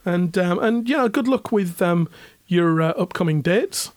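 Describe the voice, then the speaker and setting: A middle-aged man from Hull with a softened northern English accent, co-hosting a casual podcast chat and rambling with frequent laughs. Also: sits high, expressive, measured pace, no echo, clean studio sound. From England. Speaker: podcast co-host.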